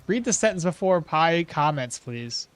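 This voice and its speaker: Chatty high-voiced male game streamer. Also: animated, a little slow, smooth. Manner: rambling, self-correcting, chatting with viewers. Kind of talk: casual gameplay commentary.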